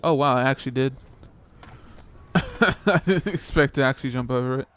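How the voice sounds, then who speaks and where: A man's voice: mid-range voice, normal speed, a bit bright, dry recording. A young man casually commentating a skateboarding game playthrough, joking, swearing and reacting as he plays. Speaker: gameplay commentator.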